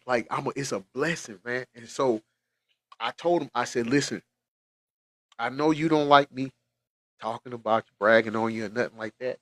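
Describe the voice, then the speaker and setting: A middle-aged man hosts a casual livestream, speaking earnestly and repeating his words for emphasis. His voice sits at an ordinary pitch and keeps choking with emotion. The sound is close and dry, with no room echo. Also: moderate pace, long pauses. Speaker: livestream host.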